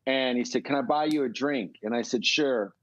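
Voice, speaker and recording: A middle-aged man from California, telling a long, animated story as a guest in a casual interview. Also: medium pitch, normal speed, no room sound, dull audio. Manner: rambling, animated storytelling with swearing. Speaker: guest musician.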